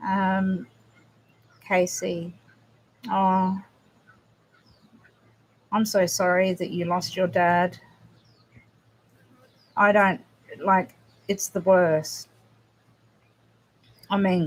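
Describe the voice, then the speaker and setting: A woman hosting a casual livestream, answering viewers' comments in a halting, emotional way with frequent restarts. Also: lowish voice. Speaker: livestream host.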